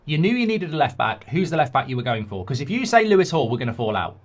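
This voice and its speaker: A man's voice: on the high side, very animated, fast, few pauses, a bit bright. A man, a football fan commentator ranting with sarcastic rhetorical questions.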